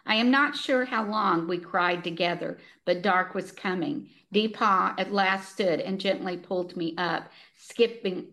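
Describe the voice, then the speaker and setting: A woman's voice: medium pitch, a little slow, few pauses, a bit bright. An older woman, a retired author, reading her own novel aloud with earnest feeling and laughing easily as she chats.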